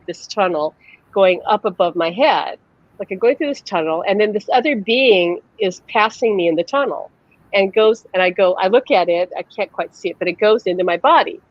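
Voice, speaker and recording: A woman's voice: medium pitch, no echo. Chatty woman telling stories, dull lo-fi sound. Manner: chatty, acts out quoted voices, many "like" fillers. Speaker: psychic medium host. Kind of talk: casual personal storytelling. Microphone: video call.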